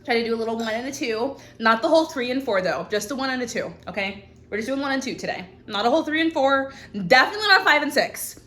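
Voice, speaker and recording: A woman's voice: high voice, lively intonation, fast, pushed and bright. A woman hosting her own show, giving frank, profane advice in casual chat to camera from a hot indoor room. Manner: blunt and profane, frank girlfriend-to-girlfriend talk. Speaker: host.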